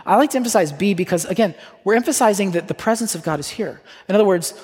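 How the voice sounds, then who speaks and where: Male pastor, earnest sermon, husky voice, echoing church hall. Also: sits high. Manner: earnest, slow repeated refrains, lively asides. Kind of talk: sermon leading communion. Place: church sanctuary. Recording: reverberant church hall, soft guitar.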